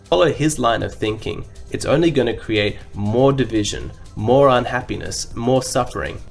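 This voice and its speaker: A man speaks slowly and earnestly in a calm, measured monologue. His voice is gravelly and full of fry, with soft music underneath. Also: medium pitch.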